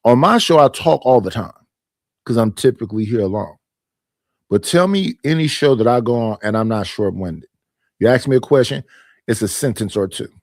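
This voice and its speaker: A man's voice: mid-range voice, lively intonation, normal speed, a little mellow, no room sound, studio quality. A man hosting his own stream, arguing his points emphatically and repeating them in a casual monologue. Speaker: streamer and panel host.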